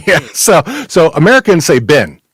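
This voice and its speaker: A man's voice: medium pitch, animated, no room sound, clean studio sound. A man hosting a podcast in casual chat, full of fillers and restarts, often laughing. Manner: halting, many fillers and restarts. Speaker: podcast host.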